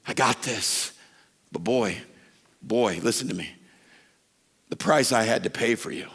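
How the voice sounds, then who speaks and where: A man preaching a sermon to a men's retreat, telling stories with lively acted-out voices. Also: mid-range voice, unhurried, husky. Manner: animated storytelling preacher, acts out voices. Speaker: pastor.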